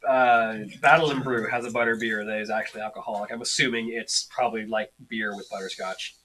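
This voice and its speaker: Man, game master, very bright voice, teasing, casual tabletop chat. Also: fairly low pitch, steady tone, a little fast, a little hiss or hum, poor audio. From Southern US.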